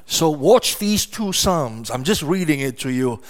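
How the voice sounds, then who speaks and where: A man's voice: a little high, expressive, unhurried. A middle-aged man preaching a sermon, emphatic and repetitive, asking rhetorical questions and answering them.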